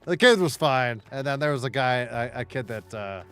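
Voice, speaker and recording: A middle-aged gaming streamer tells stories while he plays, blunt, laughing often and swearing heavily. His mid-range voice is smooth and a bit bright, with lively intonation at a normal speed over soft background music.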